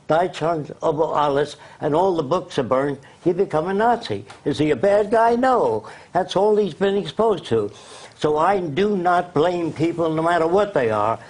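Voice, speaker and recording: Husky older man lecturing emphatically. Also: fairly high pitch, darkish tone, low-quality recording. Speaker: guest. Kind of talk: interview.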